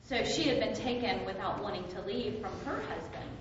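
A woman earnestly presses a counterpoint in casual conversation. She sits well away from the mic in a strongly echoing room. Her sound is muffled, with clear background noise. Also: mid-range voice, a little fast. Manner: earnest, pushes back with a counterpoint. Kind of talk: casual discussion. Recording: distant, echoey, muffled room.

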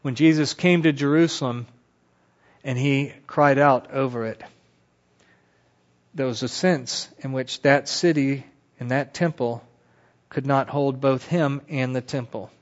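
A man giving a Bible teaching lecture as an animated storyteller who asks rhetorical questions, on a dull lo-fi recording. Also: medium pitch, unhurried, pauses often.

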